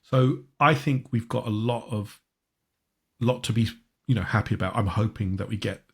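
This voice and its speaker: A man's voice: on the low side, normal speed, vocal fry, breathy edge. A man hosting a casual football podcast, stopping and restarting his sentences often. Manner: hesitant, many restarts and self-corrections. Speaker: podcast host.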